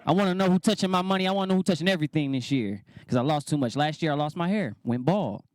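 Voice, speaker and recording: A man's voice: on the high side, rapid-fire, dry recording. A man in his thirties doing stand-up, riffing loosely and chatting with the crowd. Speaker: stand-up comedian. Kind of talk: stand-up comedy. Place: comedy club stage.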